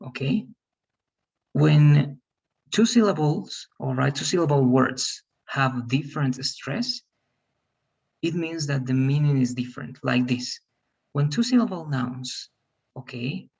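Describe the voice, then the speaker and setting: A man's voice: mid-range voice, gravelly, breathy edge, dull audio. A man teaching English pronunciation over a video call, patient and repetitive, calling on students by name. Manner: patient, repeats okay and right, calls on students by name. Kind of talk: online class teaching.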